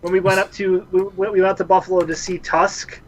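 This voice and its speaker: Animated, laughing male podcast co-host. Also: high voice, brisk, low-quality recording. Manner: animated storyteller, laughs often. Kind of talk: casual chat.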